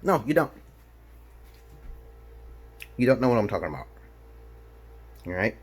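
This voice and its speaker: Husky, swearing New man ranting. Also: medium pitch, very animated, measured pace, long pauses, sharp tone. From Brooklyn, New York. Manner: profane, boastful, swings from mutter to outbursts. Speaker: video blogger. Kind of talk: casual rambling monologue.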